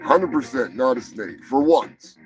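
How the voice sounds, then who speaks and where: A man's voice: mid-range voice, lively intonation, unhurried, soft background music, low-quality recording. A man hosting a live show, reading odd news stories in a crude, profane, mocking way. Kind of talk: crude comedic news chat.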